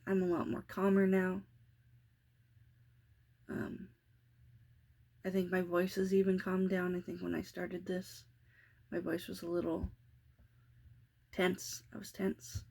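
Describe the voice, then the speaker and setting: A woman's voice: fairly low pitch, completely flat delivery, slow pace, gravelly, pauses often, warm tone, slightly rough. A woman in her thirties, a mother talking through her day in a rambling, self-reflective vlog with many restarts. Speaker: parenting vlogger. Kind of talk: casual confessional vlog.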